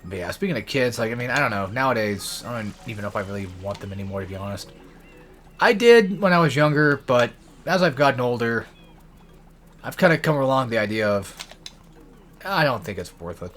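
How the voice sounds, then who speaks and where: Soft background music plays under a young gamer's mid-range, fairly bright voice. He speaks expressively and fairly quickly, rambling and ranting through his let's-play session with near-constant profanity.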